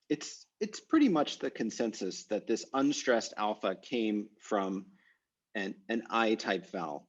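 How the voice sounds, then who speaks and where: A man's voice: medium pitch, dull audio. A man teaching an online language class, thinking aloud with many fillers and restarts. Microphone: video call.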